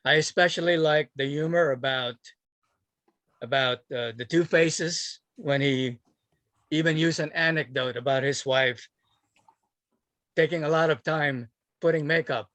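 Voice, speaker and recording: A man's voice: a little high, measured pace, long pauses, fairly bright tone, no room sound. Methodical man evaluating a speech. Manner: methodical, listing points of praise. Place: club meeting room.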